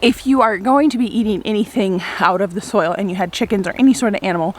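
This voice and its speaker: A woman's voice: medium pitch, quick pace, darkish tone. A young woman chatting casually to the camera outdoors in her flower garden, upbeat and laughing often. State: a little out of breath. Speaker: flower farmer and homesteader. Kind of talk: casual vlog talking to camera.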